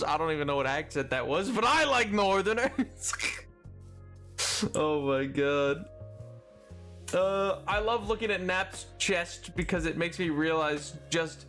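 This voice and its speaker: A man's voice: on the high side, expressive, unhurried, a bit bright, faint music behind. A young man streaming a game, chatting casually and rambling, reading chat aloud with playful indignation.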